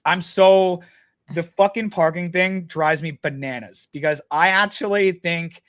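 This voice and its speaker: A young man talks in a casual podcast chat, his voice sitting high for a man. He tells his stories bluntly and swears freely. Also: measured pace, fairly bright tone. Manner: blunt, profane storytelling. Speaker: guest.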